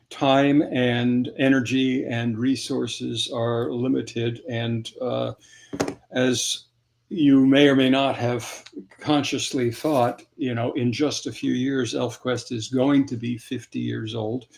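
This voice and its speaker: An older man talks in an unhurried, easy drawl, his voice rough with gravel at the edges. He rambles casually to viewers of a livestream, stopping to spell names aloud while he signs fan items. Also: mid-range voice, a little mellow. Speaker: comic creator signing fan items.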